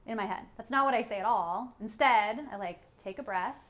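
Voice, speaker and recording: A woman's voice: mid-range voice, brisk. A woman co-hosting a parenting podcast, talking casually with many fillers and frequent laughs. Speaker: podcast co-host.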